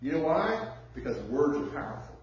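A pastor preaching a sermon in a conversational way, drawing out words for emphasis and telling personal stories. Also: male voice, fairly high pitch, sing-song, moderate pace. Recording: echoey church heard from far off, dull sound.

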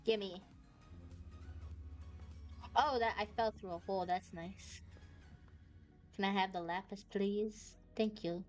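A woman's voice: medium pitch, fairly even intonation, slow, long pauses. Bubbly woman VTuber, rambling game commentary, squeals when startled, faint music behind. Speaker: VTuber streamer. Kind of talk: casual gameplay commentary.

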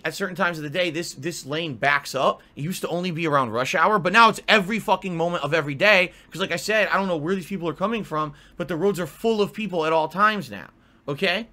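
A man telling an exasperated, profane story in an animated rant. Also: high-pitched. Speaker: vlogger. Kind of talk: ranting storytelling.

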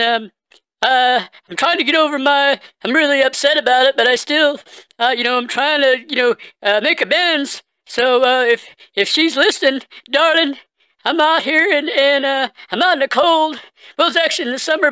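Brief: man playing a high, bright-voiced bumbling caller, lovesick and slow-witted, dry close sound. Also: no echo. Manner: halting, stammering, full of fillers. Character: dim-witted, heartbroken, rambling male caller. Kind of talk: prank phone call comedy bit.

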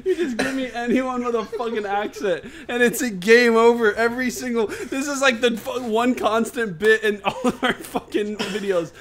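A man's voice: very high-pitched, normal speed, few pauses, a crowd in the background. A young man co-hosting a let's play, giggly and swearing constantly in casual chat. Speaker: gaming channel co-host.

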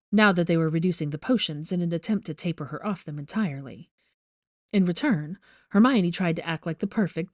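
Woman reading fanfic aloud, low voice, dead dry sound. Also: dry recording. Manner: steady, measured storytelling. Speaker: fan fiction reader. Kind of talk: audiobook narration.

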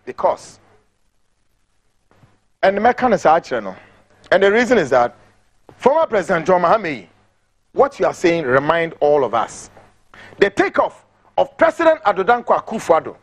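A man's voice: fairly high pitch, slightly rough. A man with a Ghanaian accent giving impassioned political commentary, emphatic and repetitive, mixing English and Twi.

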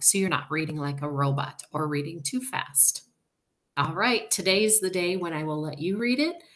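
A woman teacher giving a recorded reading lesson, patiently explaining sounds, sight words and punctuation. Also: on the low side. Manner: patient, explanatory, slow and deliberate.

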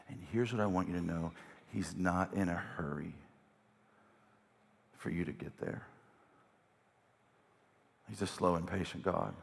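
A man pastor preaching a sermon from a church stage, animated and emphatic, often repeating phrases for effect. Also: low-pitched, a little slow, vocal fry, long pauses. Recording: long hall reverb of a church.

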